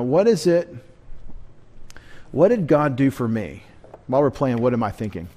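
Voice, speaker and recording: A man's voice: medium pitch, mellow. A man preaching a midweek sermon as pastor, talking conversationally, asking the congregation questions and adding joking asides.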